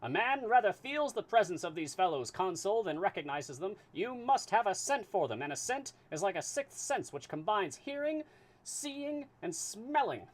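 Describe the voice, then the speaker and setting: A man voicing a nervous, dogmatic male detective in a live reading of a classic novel, speaking high, loud and insistent. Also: sing-song, moderate pace. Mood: eager.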